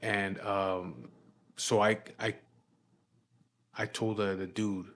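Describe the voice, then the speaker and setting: A man's voice: on the low side, little pitch movement, slow, a bit bright. Profane Chicano-accented man telling a story. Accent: Chicano English. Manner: profane, rambling, many fillers and restarts. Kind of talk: casual storytelling.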